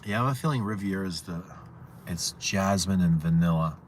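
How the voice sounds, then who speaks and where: A man's voice: low voice, brisk, a little hiss or hum. A man hosting a fragrance livestream, chatting casually, rambling and repeating himself as he answers viewer questions. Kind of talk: casual livestream chat reading viewer comments.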